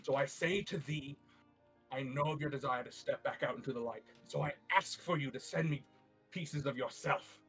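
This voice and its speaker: A man voicing an excitable young male summoner in a tabletop game, speaking a theatrical incantation. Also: medium pitch, moderate pace, breathy edge, faint music behind, poor audio. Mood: solemn. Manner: theatrical incantation, builds to shouting.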